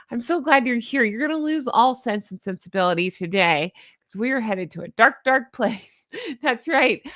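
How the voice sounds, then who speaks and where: Bubbly gravelly woman vlogger. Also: medium pitch, dry recording, studio quality. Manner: bubbly, playful, animated. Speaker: YouTube host. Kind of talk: casual chatty vlog intro.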